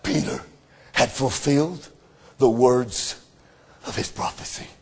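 A male preacher delivering an impassioned sermon, his voice breaking with emotion as he preaches in drawn-out bursts. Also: mid-range voice, expressive, gravelly, husky.

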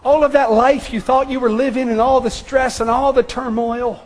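High-voiced man preaching with fervor. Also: fairly even intonation, normal speed, hardly any pauses. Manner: impassioned, shouting with sudden hushed drops. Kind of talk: sermon.

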